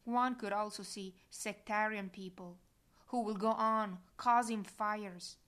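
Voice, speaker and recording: A woman reading aloud a devotional diary in a solemn, measured manner. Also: medium pitch, steady tone, fairly bright tone. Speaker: reader.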